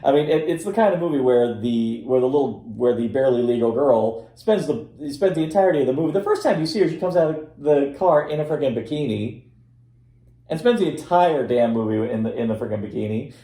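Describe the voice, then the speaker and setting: Gravelly man rambling in an echoey room. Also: medium pitch, expressive, fairly quick, mellow. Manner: rambling, many restarts. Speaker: podcast co-host reviewing films. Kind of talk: casual chat.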